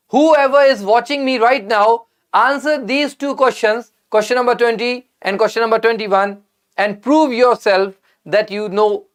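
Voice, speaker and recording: A young man teaching an online exam-prep English lesson, emphatic and repeating key points as he quizzes his viewers. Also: very high voice.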